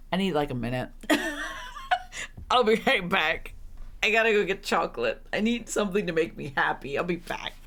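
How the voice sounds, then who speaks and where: Young woman, streamer, exasperated, sarcastic, swears a lot, slow unhurried delivery. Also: lowish voice, a bit bright, a little hiss or hum. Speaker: streamer playing a visual novel. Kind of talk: casual let's-play commentary.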